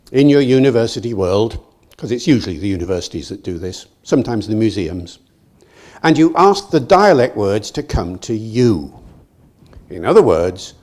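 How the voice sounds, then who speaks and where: An older British man giving a public lecture, telling stories in a lively, digressive way with acted quotes. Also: medium pitch, moderate pace. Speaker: guest lecturer. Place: lecture hall.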